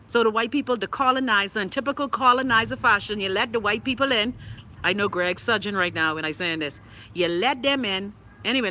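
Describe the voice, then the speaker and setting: Bahamian woman, live-stream host, sassy and profane, bright tone, slightly scratchy throat. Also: medium pitch. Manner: sassy, blunt, profane, chatty. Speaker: live-stream host reading viewer comments. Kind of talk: casual live-stream chat.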